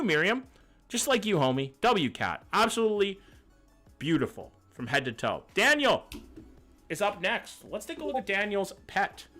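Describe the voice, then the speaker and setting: A man's voice: high voice, sharp tone. A male streamer chatting casually and reacting to viewers' pet photos, loose and jokey with lots of swearing. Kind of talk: casual livestream chat. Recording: faint music in background.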